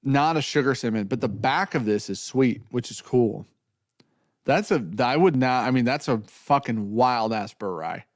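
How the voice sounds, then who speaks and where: A man's voice: medium pitch, moderate pace, no room sound, clean studio sound. A man hosting a casual whiskey tasting, talking in a loose, joking way with plenty of swearing. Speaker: whiskey show host.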